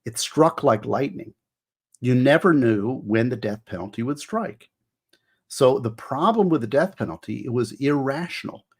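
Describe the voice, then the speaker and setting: Man, middle-aged, husky voice, rambling livestream host, explains court cases. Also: medium pitch, animated, normal speed. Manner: rambling, emotional, explains law. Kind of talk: casual livestream talk.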